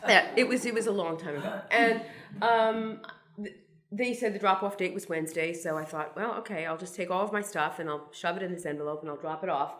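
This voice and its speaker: A woman in her sixties from Brooklyn tells stories to an audience in a slightly low voice. Her delivery is wry and self-mocking. She circles back, restarts her sentences and drops dry little asides as she goes. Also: fairly quick, a bit bright. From Brooklyn, New York. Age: 60s. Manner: wry, meandering, self-deprecating storytelling with many restarts. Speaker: cartoonist guest speaker. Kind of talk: anecdotal talk to an audience.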